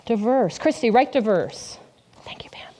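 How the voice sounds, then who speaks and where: A woman's voice: a little high, animated, a little slow, mellow. A woman pastor giving an interactive sermon in a church, asking the congregation questions and repeating their answers back. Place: church sanctuary.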